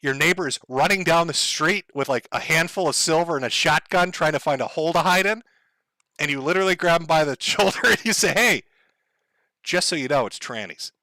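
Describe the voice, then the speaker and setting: A man's voice: a little high, brisk, bright, forceful tone, dry recording. Sardonic, profane male stream host. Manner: sardonic, profane, laughs often. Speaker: livestream host. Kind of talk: casual livestream rant.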